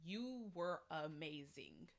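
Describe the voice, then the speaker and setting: Young woman, lowish voice, expressive slangy show reviewer. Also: slow, vocal fry. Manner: animated and expressive, slangy, acts out quotes. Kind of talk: casual recap vlog.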